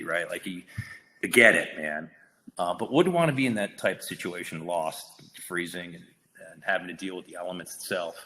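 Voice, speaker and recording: A man's voice: on the low side, a bit bright. A male actor, a guest on a podcast, telling a story in casual, profane talk full of restarts. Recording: long reverb hall with faint noise.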